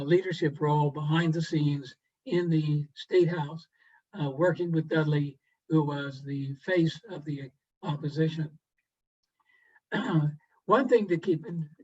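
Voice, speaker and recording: Male presenter, fairly high voice, easygoing storyteller who pauses with "uh" a lot, muffled video call audio. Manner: unhurried, with frequent "uh" pauses and throat clearing. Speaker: guest presenter to a garden club. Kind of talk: relaxed storytelling lecture. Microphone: video call microphone.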